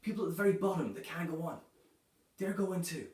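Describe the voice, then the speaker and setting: A man performing a stand-up comedy set, delivering dark jokes in a loose, chatty way, filling his lines with "you know" and "right". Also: fairly high pitch, animated, brisk. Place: comedy club stage. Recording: echoey room, voice from a distance.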